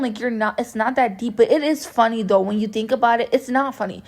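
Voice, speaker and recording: A woman's voice: fairly high pitch, fast talker, darkish tone. A young woman vlogger chatting casually through a story time, meandering and saying "like" constantly. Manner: chatty and meandering, heavy use of "like".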